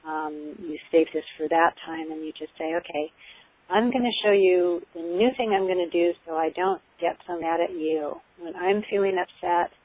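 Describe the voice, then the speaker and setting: A woman giving earnest, explanatory parenting advice in casual conversation, often pausing with ums and restarting her sentences. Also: lowish voice, steady tone. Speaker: parenting expert guest. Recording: tinny phone-like line.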